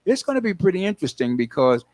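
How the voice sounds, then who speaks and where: An older man with a New York accent, hosting a call-in show in a loose, chatty monologue. His voice sits a touch high for a man, and he tells stories playfully, slipping into mock quotes. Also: quick pace. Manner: animated, playful storytelling with laughs and mock quotes. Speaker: host. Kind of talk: casual radio-style monologue.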